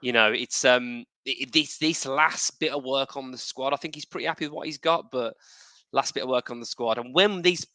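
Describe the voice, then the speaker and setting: A man's voice: medium pitch, fairly quick, bright, forceful tone, dry recording. A man co-hosting a casual football podcast, rambling and teasing his friends. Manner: rambling, full of fillers and restarts, teasing. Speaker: podcast co-host.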